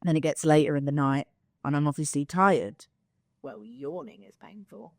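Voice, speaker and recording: Lowish, dry-voiced woman storyteller. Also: normal speed, no room sound. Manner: animated, swears, acts out quotes. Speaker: podcast co-host. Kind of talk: casual storytelling chat.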